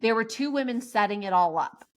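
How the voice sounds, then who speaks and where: A woman's voice: fairly high pitch, fairly quick. A woman co-hosting a podcast, telling a story in casual chat and acting out the quotes, often with laughter. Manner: animated, laughing, acts out quotes in raised voices. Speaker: podcast co-host.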